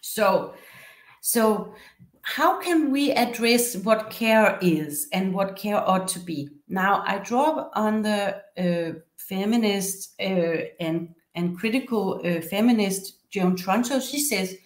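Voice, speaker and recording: Danish-accented woman professor, mid-range pitch, calm explanatory lecture in a reverberant room. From Denmark. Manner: measured, explanatory storytelling. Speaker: university professor and researcher. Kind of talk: academic lecture. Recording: echoey room.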